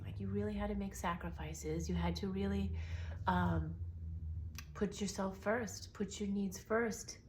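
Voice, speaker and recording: A young woman giving an emotional, soothing intuitive reading straight to the listener, often dropping into soft whispers. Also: mid-range voice, steady tone, moderate pace, slight background noise. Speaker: tarot reader.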